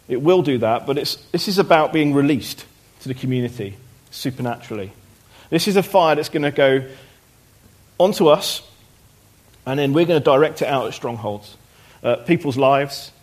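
Pastor preaching with lively emphasis. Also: male voice, fairly high pitch. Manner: conversational preaching, rising louder when quoting the prophet. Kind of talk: sermon with scripture reading. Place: church hall.

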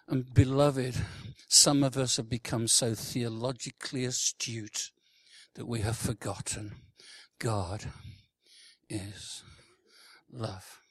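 A man in his sixties preaching a sermon, swinging from loud, emphatic declarations to hushed, almost whispered lines. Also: mid-range voice, steady tone, slow pace, breathy edge, no room sound. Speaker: worship leader. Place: church conference hall.

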